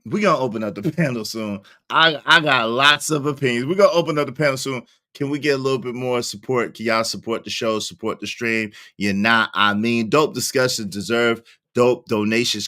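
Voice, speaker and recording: A man hosting a live stream, giving loud, animated commentary full of slang and frequent laughter. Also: medium pitch. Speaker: livestream host.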